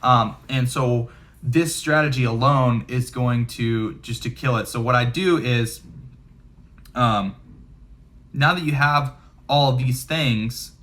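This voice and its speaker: Speaking slowly in a medium-pitched, fairly bright voice, a real estate investor coaches viewers on camera. His instructional talk is casual and chatty, full of fillers.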